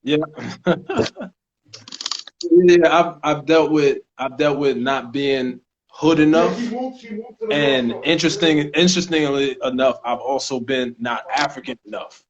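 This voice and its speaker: A man with a New York accent, an actor and co-host, chatting casually on a podcast with frequent restarts and easy laughter. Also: medium pitch. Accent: New York (Staten Island). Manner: halting, restarts a lot, laughs easily. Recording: dull lo-fi recording.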